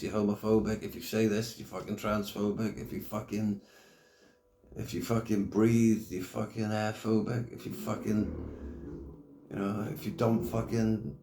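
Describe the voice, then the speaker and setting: A man's voice: fairly low pitch, a little mellow, echoey room. A middle-aged man ranting casually to camera, blunt and full of swearing and slang. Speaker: YouTube commentator.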